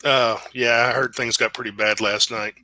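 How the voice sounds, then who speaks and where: A man's voice: mid-range voice, steady tone, normal speed, sharp tone. A man doing an unbothered balding landlord type. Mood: offhand. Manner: offhand, shrugging replies. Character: balding middle-aged man, indifferent and unbothered.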